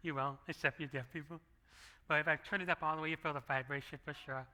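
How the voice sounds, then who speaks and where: A middle-aged man preaching to a church congregation in a very bright, high-set voice. His sermon is relaxed and conversational, broken up by acted asides, and picked up on a handheld microphone. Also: fast. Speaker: pastor. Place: church sanctuary.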